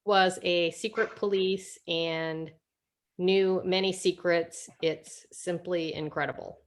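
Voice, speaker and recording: A woman's voice: on the low side, fairly even intonation, takes it slowly. A woman student reading a class story aloud, hesitating and checking her wording. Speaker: student reader.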